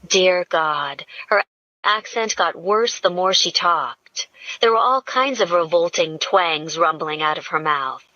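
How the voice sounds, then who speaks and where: A woman narrating an audiobook in a slow, measured storytelling manner. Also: on the low side, sharp tone, no echo. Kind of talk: scripted narration. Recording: dull lo-fi dry audio.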